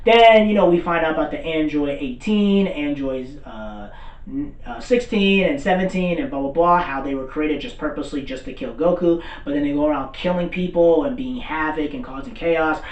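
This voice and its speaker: Excitable rambling man, roomy and distant. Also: a little high, normal speed. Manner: excitable, rambling, swears, fills with "blah, blah". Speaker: anime commentator. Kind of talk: casual recap rant. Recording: roomy, far from mic.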